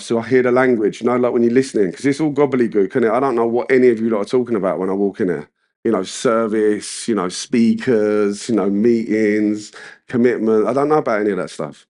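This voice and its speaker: A British man speaking at a recovery meeting in a loose, chatty storytelling way. His voice sits at an ordinary middle pitch, and he fills his talk with slang and asides to the room. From United Kingdom. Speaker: main speaker at a recovery convention. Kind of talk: personal recovery share.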